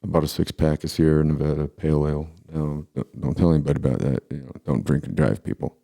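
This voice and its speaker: A man in his forties with an extremely deep, gravelly voice tells a personal story in a casual, unhurried way. His tone is dark and mellow, and he often pauses and starts sentences over. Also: fairly even intonation. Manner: halting, with many pauses and restarts.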